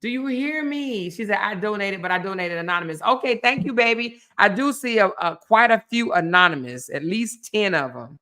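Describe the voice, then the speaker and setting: A woman's voice: fairly high pitch, lively intonation, normal speed, hardly any pauses, pushed and bright. A woman hosting a casual live stream, chatty and laughing often as she thanks viewers by name.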